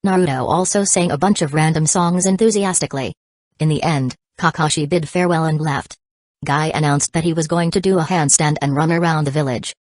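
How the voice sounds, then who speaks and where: A woman narrating an audiobook in an even, steady reading. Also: low voice, brisk, dry recording.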